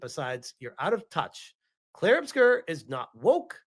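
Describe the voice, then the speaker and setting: Guy streamer rolling his eyes at stuff, voice all over the place pitch-wise. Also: very animated, unhurried. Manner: dismissive, eye-rolling. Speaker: streamer in a played clip. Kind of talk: casual stream commentary.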